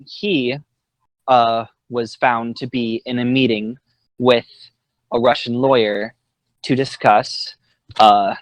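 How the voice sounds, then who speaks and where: A man's voice: mid-range voice, a bit bright, no echo. A young man chatting casually while streaming a game, rambling and sarcastic with lots of fillers. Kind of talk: casual commentary while gaming.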